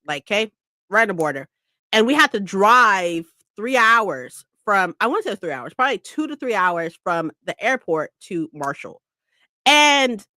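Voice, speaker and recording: A young woman from California chatting casually on a livestream between reading sprints, animated, swearing often and laughing a lot. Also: mid-range voice, dry recording, studio quality. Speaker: streamer hosting reading sprints.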